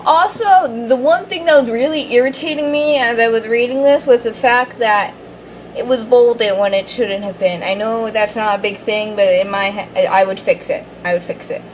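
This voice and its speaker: A woman's voice: a little high, normal speed, slight background noise, rough recording. A young woman giving a casual, rambling video review of fan fiction, hyper and gushing, with many fillers and restarts. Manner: bubbly, rambling, fangirling, lots of fillers and restarts. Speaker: fanfiction reviewer.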